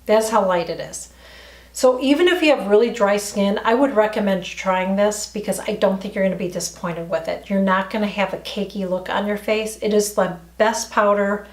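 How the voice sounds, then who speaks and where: A woman's voice: medium pitch, steady tone, normal speed. Chatty middle-aged woman in an echoey room. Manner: enthusiastic, repeats herself, chatty. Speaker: beauty vlogger. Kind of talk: casual makeup tutorial. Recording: roomy echo, faint music.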